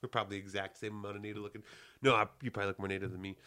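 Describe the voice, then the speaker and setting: A man's voice: fairly low pitch, steady tone, rapid-fire, pushed and bright, smooth. A young man from Canada in casual chat, rambling and teasing with frequent laughter.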